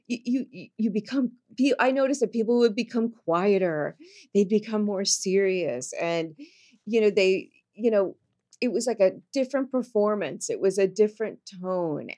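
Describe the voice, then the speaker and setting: A woman guest on a podcast, talking in a reflective, unhurried way, slowing down to stress her points. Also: medium pitch, dark tone. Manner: reflective, slows down to stress points, many fillers. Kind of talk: casual podcast conversation.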